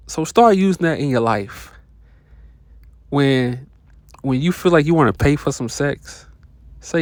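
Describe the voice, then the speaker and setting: A man's voice: on the high side, animated, moderate pace, dry recording, clean studio sound. A man talking straight to camera in a casual, profane motivational monologue, full of slang and short laughs. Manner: blunt, profane, slangy, laughs between points. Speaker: self-help vlogger.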